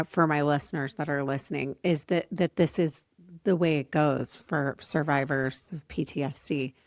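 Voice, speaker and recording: Deep-voiced woman podcast host. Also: no room sound, studio quality. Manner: earnest, speaking directly to listeners. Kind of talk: conversational interview.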